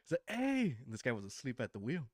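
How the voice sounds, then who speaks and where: Swearing his way through tour stories, a male podcast guest is a lively, profane storyteller in a casual conversation. He talks very fast in a medium-pitched voice.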